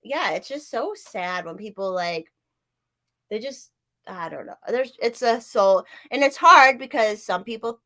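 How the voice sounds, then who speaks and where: Woman hosting a podcast, kinda high voice, swears a lot, rambles with tons of "like"s. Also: lively intonation, measured pace, bright, forceful tone. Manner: profane, emphatic, rambling with many fillers. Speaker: podcast host. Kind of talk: casual chat.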